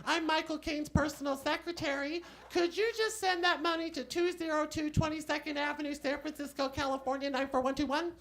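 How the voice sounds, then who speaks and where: A man voicing a fussy female personal secretary, speaking high and sing-song as if to a child. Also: steady tone, a little fast, hardly any pauses, fairly bright tone. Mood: prim.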